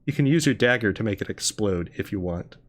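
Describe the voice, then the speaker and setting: A man's voice: on the low side, expressive, brisk. A man hosting a let's play, chatting casually, chuckling and reading the on-screen game text aloud. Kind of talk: casual gameplay commentary.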